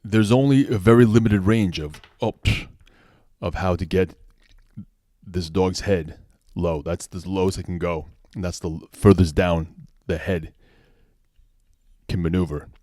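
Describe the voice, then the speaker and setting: Low-voiced man rambling through a toy review. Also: a little slow, long pauses, dark tone, dry recording, clean studio sound. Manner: rambling, restarts sentences, conversational asides. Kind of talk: casual unscripted toy review.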